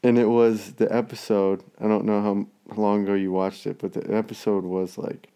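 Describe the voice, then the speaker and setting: A man's voice: fairly low pitch, flat delivery, moderate pace, dark tone, smooth. A man in casual chat, rambling through everyday stories and swearing constantly.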